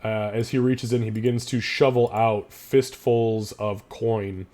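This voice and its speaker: A man's voice: lowish voice, level tone, a little slow, a little mellow. A man running a tabletop game as game master, loose and thinking aloud as he narrates and does the sums.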